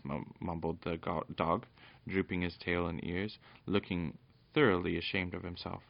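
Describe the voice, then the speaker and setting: A man reads a children's storybook aloud in a very low, gravelly voice, now and then tripping over words and correcting himself. The recording is dry and a little dull. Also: steady tone, moderate pace, no echo. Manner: unpolished, with frequent stumbles and self-corrections.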